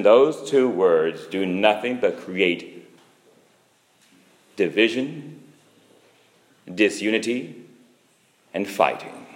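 A man preaching a sermon, slow and emphatic, with sudden rises and drops in pitch and loudness. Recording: echoey hall.

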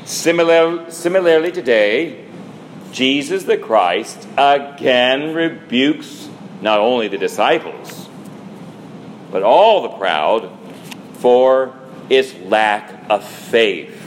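A man preaching a sermon in a slow, measured delivery, as a priest addressing his congregation. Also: medium pitch, lively intonation, a little hiss or hum, poor audio. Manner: slow, measured preaching with dramatic quoted lines.

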